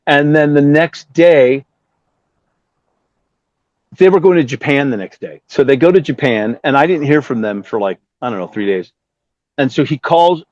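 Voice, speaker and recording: With a mid-range, somewhat mellow voice, this middle-aged musician from Southern California recounts a story as an interview guest. He curses openly and does impressions of the people involved. The sound is dry and slightly dull.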